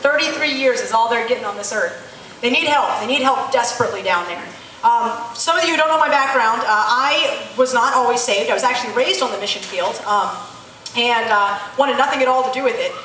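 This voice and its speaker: A woman's voice: fairly high pitch, fairly quick, bright, forceful tone, a little hiss or hum. Woman in her late 20s, echoey church hall. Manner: candid storytelling, acts out dialogue, frequent ums. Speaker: missionary giving her testimony. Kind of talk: personal church testimony. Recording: echoey hall, heard from far off.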